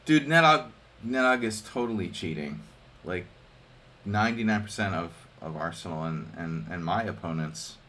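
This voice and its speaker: On a live stream, a man plays chess and talks through his moves, joking, thinking aloud, and chatting with viewers between variations. His slightly low voice moves at a moderate pace in relaxed, casual commentary.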